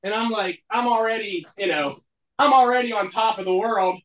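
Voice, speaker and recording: A man from southwestern Pennsylvania, a podcast guest and toy collector, telling a story in a casual, animated way and acting out the dialogue. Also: normal speed. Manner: animated, acts out dialogue with big swings in pitch.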